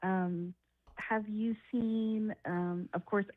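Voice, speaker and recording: A woman's voice: mid-range voice, fairly even intonation, drawn-out words, no echo. A woman in casual chat as a podcast guest, agreeable and laughing often. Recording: phone-like remote audio.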